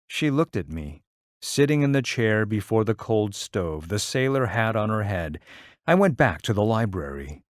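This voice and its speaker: Slow, low-voiced male story reader. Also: no room sound, clean studio sound. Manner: measured, even storytelling. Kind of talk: audiobook reading of a short story.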